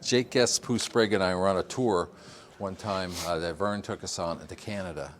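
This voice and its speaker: An older man from Vermont, speaking low at a moderate pace, chats his way through a greenhouse during a casual walking-tour interview. He rambles, uses fillers, and chuckles frequently, with slight background noise present.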